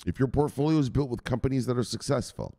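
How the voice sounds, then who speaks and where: A man's voice: mid-range voice, expressive, fast, vocal fry, dark tone. A man hosting a crypto channel, giving a coarse, swearing motivational rant and constantly asking "right?".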